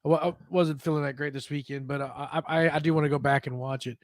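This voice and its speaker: A man's voice: on the high side, steady tone, fast talker, no echo. Stammering male podcast host, dry sound. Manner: stammers and restarts a lot. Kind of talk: casual chat.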